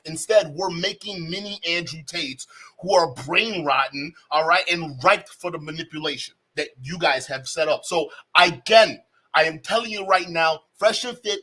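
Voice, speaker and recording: A man streaming live, reacting to a clip with animated, mocking commentary. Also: high-pitched, slightly rough, rough recording. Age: adult, has a child. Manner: animated, mocking, breaks into laughter.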